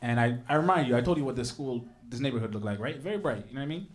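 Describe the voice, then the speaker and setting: Speaking rapid-fire at a medium pitch, a young man does stand-up in front of a live audience. His set mixes crowd banter with lively storytelling, and his voice makes big jumps for each quoted person.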